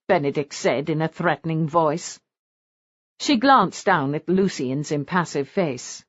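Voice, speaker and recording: A woman narrating a romance audiobook in an expressive, animated reading. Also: low-pitched, a little slow, no room sound. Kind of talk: scripted narration. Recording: slightly dull dry recording.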